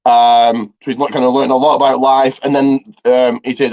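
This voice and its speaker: A man's voice: medium pitch, flat delivery, moderate pace, few pauses, darkish tone. A man casually retelling a movie's plot for a review, rambling with lots of ums and restarts. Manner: rambling, heavy on fillers and restarts. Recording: slightly dull lo-fi audio.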